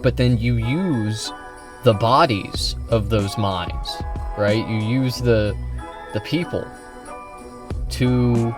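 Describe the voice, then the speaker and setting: A man's voice: medium pitch, very slow, long pauses. Guy on a stream going off about politics, heated and combative, music playing behind him. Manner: combative, heated, addresses chat directly. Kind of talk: casual political livestream rant.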